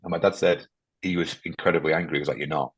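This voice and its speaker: A man sharing a personal story as a podcast guest, emotional and halting, often restarting his sentences. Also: low-pitched, steady tone, breathy edge, no echo. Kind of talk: candid interview conversation.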